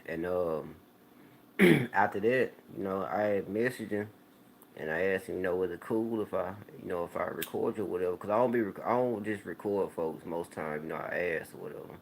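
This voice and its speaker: A man with a very low voice hosts his own video channel and chats straight to his viewers. He rambles loosely through stories, full of slang and restarts. A faint hiss of noise sits under the recording. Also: a little fast. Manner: laid-back, rambling storytelling with slang. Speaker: YouTube channel host. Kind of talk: casual talk to viewers.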